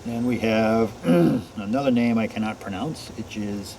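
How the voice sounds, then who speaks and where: A man vlogging outdoors in a forest, greeting unseen listeners one by one and answering for them in a quieter voice. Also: lowish voice, measured pace, few pauses, slight background noise. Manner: greets each name, then answers himself in a quieter voice. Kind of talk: casual talk to unseen listeners.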